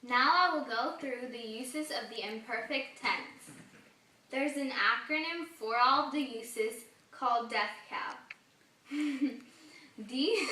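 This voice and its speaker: A teenage girl presenting a grammar lesson for class, reading slowly and deliberately, with small laughs here and there. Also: high-pitched, pushed and bright, slight background noise. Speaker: student presenter. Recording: echoey room, mic at a distance.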